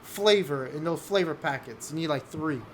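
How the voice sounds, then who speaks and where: Casual podcast co-host, man, excitable, loud anecdotes, slight hiss. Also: a little high, normal speed. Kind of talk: casual chat.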